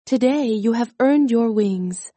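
A woman's voice: fairly high pitch, slow, mellow, no room sound. A woman voicing a gracious, kindly fairy queen. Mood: gentle.

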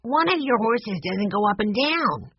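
A reader voicing a young, observant boy in a storybook reading, speaking in a bright, earnest way. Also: medium pitch, very animated, a little slow, a little hiss or hum, voice pushed up. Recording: muffled lo-fi audiobook recording.

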